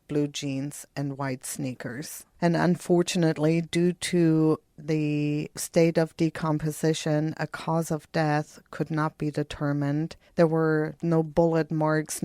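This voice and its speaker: Low, slow-spoken woman recounting true crime. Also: darkish tone, no echo, studio quality. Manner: reads out a phone call dialogue, somber and measured. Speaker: podcast co-host. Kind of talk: true crime podcast narration.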